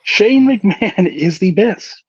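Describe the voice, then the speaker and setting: A man's voice: high voice, expressive, takes it slowly, darkish tone, slightly rough, no echo. A man co-hosting a casual wrestling recap podcast, joking, laughing often and repeating his words. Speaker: podcast co-host. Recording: dull lo-fi dry sound.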